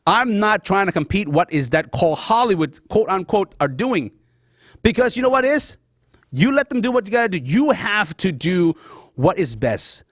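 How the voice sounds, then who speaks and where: This middle-aged man, Lao-speaking and born in Laos, hosts a talk show where he passionately pours out an emotional personal monologue, addressing viewers as "guys." His high voice is very animated and a bit bright, moving at a moderate pace, recorded in clean studio sound without room noise.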